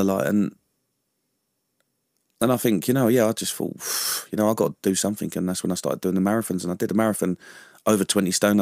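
Recorded at studio quality with no room sound, a London veteran with a slightly mellow voice on the low side chats casually as a radio interview guest. He laughs a lot and keeps asking "you know what I mean?".

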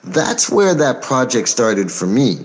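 An American man talks through an interview as a record producer. He is measured and unhurried, pausing often with soft fillers, yet stays forthright and outspoken. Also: mid-range voice, big pitch swings. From United States. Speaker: record producer and label owner. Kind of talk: interview answers.

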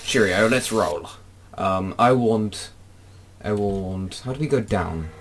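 A young British man giving playful Let's Play commentary, breaking into frustrated shouts. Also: fairly low pitch, animated, takes it slowly, a little hiss or hum. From Britain. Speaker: gaming YouTuber.

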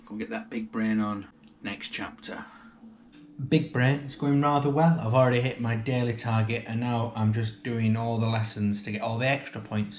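A man's voice: on the low side, a little hiss or hum. A young man filming a casual daily vlog at home on a handheld camera, talking with dry, self-mocking humour. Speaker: vlogger. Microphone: camera held while filming himself.

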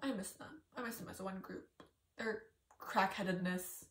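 A young woman vlogger chatting casually and excitably through an unboxing, laughing and gasping often. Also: mid-range voice, moderate pace, roomy sound, distant mic.

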